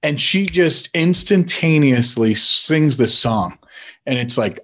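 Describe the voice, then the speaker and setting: A man's voice: fairly high pitch, lively intonation, a little slow, a bit bright, breathy edge. A man, a father, telling an earnest personal story about his family.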